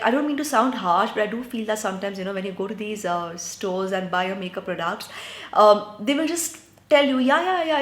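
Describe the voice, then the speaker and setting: A chatty woman from India talks through skincare tips in a relaxed vlog, often tossing in quick check-ins with her viewers. Her voice sits at a middle pitch. The room around her is noticeably echoey. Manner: chatty, frequent "right?" and "guys". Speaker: beauty vlogger. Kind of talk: casual skincare advice vlog.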